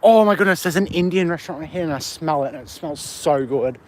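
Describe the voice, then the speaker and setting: High-voiced Australian guy streaming on a night walk. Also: fast talker, a little mellow. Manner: rambling, answers chat aloud, swears often. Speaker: livestreamer. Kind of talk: casual live stream chat. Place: outdoors on a street at night. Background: faint street and traffic ambience.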